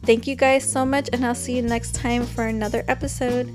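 A woman's voice: a little high, flat delivery, fairly quick, over loud music. A young woman hosting her own podcast, chatting casually and rambling with lots of filler words. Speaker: podcast host. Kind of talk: casual solo podcast chat.

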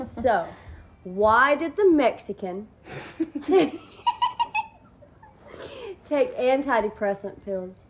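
A woman's voice: fairly high pitch, animated, drawn-out words, long pauses, heavy background noise. A woman in her twenties co-hosting a casual podcast, who laughs easily at her own jokes. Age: 20s. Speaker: podcast co-host. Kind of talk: casual chat.

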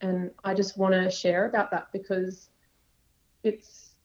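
A young adult woman, a podcast guest talking casually and earnestly about faith, rambling at times in quick bursts. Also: medium pitch, little pitch movement. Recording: dull lo-fi sound.

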